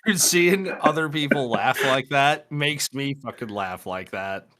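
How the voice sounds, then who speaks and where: A man co-hosting a podcast, talking loudly and excitably in casual chat, swearing freely. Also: medium pitch, measured pace. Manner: loud, swears a lot, excitable. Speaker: podcast co-host.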